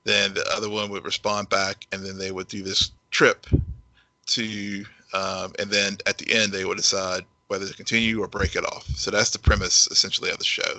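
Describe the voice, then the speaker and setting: A man co-hosting a podcast, talking casually with halting repeats while summing up a show. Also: lowish voice, sharp tone, dry recording, rough recording. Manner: halting, repeats words, summarizes plots. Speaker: podcast producer and co-host. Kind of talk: casual review chat.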